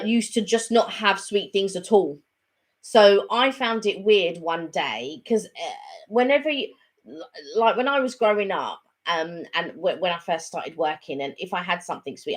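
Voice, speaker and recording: A woman co-hosting a casual live chat, rambling along with lots of fillers and restarts. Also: mid-range voice.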